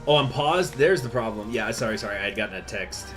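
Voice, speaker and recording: A man's voice: on the low side, lively intonation, quick pace, over music. Chatty man playing a strategy game. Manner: easily distracted, chatty, many fillers. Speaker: gaming channel host. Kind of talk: casual gameplay commentary.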